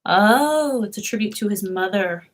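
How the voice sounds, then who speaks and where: A woman's voice: mid-range voice, lively intonation, measured pace. A young woman chatting casually on a live stream, rambling with fillers and small laughs.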